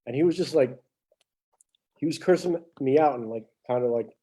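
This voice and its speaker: A man's voice: medium pitch, normal speed, husky. A man co-hosting a podcast, telling stories in casual chat and laughing often. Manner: animated storyteller, laughs often. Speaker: podcast co-host.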